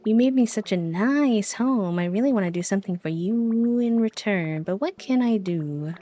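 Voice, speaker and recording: A woman voicing a sleepy, gentle flying creature from a game, reading its lines in a soft, drowsy, friendly way. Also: mid-range voice, moderate pace, faint music behind, natural voice. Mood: grateful. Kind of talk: reading game dialogue aloud.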